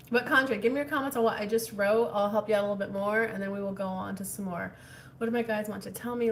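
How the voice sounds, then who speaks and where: A woman hosting a casual livestream as a spiritual coach, reading viewer comments and answering in a chatty, animated way. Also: medium pitch, far from the mic, slight background noise. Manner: chatty, animated, drops into whispers.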